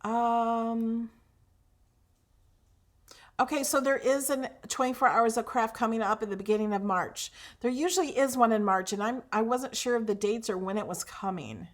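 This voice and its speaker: A young woman with a fairly high voice hosts a craft livestream. She chats casually with her viewers and gushes over her work, restarting sentences and filling pauses with "um". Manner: chatty and gushing, with fillers and restarts.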